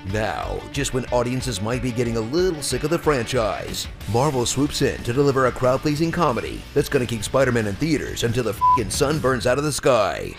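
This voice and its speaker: A man narrating a mock movie trailer in a deadpan, sarcastic announcer voice. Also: mid-range voice, fairly quick, hardly any pauses. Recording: narration over music.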